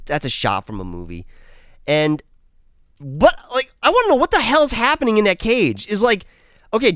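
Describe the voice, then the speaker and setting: A man's voice: high voice, fairly bright tone, no room sound, studio quality. A man giving a casual, rambling film review, sarcastic and swearing freely as he recaps the plot.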